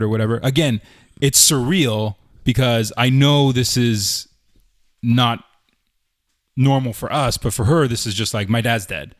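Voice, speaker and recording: A man at a middle pitch telling a long story on a podcast, looping back with "like" and "I'm like" as he goes. The sound is dry and close, with no room around it. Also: unhurried, no echo. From Canada. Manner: loose storytelling, lots of "like" and "I'm like". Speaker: podcast co-host. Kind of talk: casual podcast chat.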